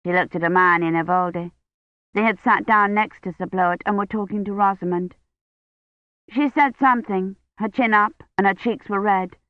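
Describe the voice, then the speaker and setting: A woman narrating an audiobook in a measured, steady way. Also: mid-range voice, no room sound, muffled recording. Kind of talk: scripted narration.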